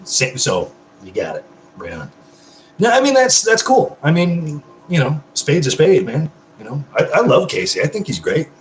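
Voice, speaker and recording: A man on a casual live stream, his pitch swinging widely as he rambles in an effusive, profane way. He is drinking beer between comments, and his voice rings in an echoey room. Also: huge pitch swings, moderate pace, slight background noise. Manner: drinking beer while talking.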